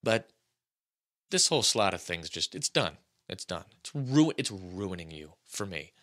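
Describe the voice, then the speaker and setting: A man in his thirties hosting a casual sports podcast, talking in an animated, rambling, jokey way. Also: low voice, a little slow. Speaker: podcast host.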